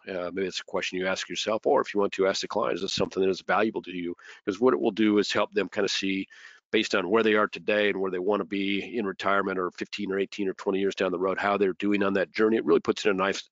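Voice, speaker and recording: Deep-voiced guy running a sales webinar, kinda hesitant, dull dry sound. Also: no room sound. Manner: hesitant, restarts often. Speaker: webinar host. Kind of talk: casual business webinar talk.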